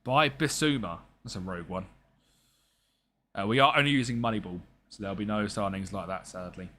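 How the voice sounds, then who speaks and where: A man's voice: on the low side, a little fast, sharp tone. A young man streaming a football management game, chatting casually and jokily with his viewers as he plays. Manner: chatty and jokey, talks to chat and game players.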